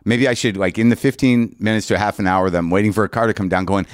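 A man's voice: low voice, fairly even intonation, racing, few pauses, no echo, studio quality. An older man doing stand-up, telling a long story in a ranting, self-mocking way and acting out both sides of the conversation. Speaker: comedian.

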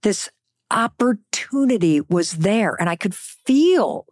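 Emphatic middle-aged woman with a lively voice. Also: medium pitch, takes it slowly, no room sound, clean studio sound. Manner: emphatic and conversational, dropping to whispers for effect. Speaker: motivational speaker. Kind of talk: motivational talk.

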